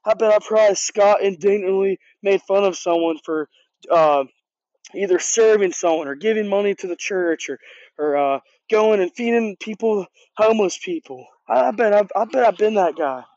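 A man's voice: high voice, moderate pace, darkish tone, no room sound. A man who leads a youth group, giving a casual sermon in an earnest, conversational way, often restarting and repeating words. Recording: dull, dry lo-fi recording.

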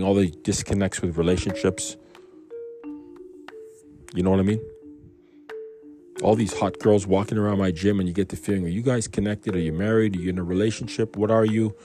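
A man giving a casual, rambling devotional talk on a Bible passage, speaking conversationally and asking many rhetorical questions. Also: deep voice. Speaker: Bible reading host.

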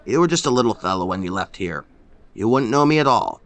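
A man voicing a shy older Pennsylvania Dutch workman who speaks plainly and slowly in a storybook reading. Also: lowish voice, lively intonation. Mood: friendly.

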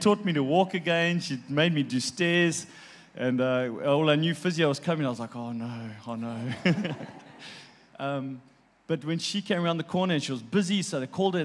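Appearing as a talk show guest, a man with a somewhat high voice haltingly shares a heartfelt personal story, with repeated words and bursts of laughter in between.

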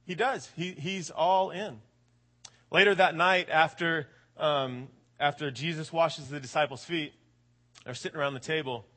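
High-voiced young preacher, animated. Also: male voice, unhurried. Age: late 20s. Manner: animated, colloquial, keeps asking "right?". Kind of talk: sermon.

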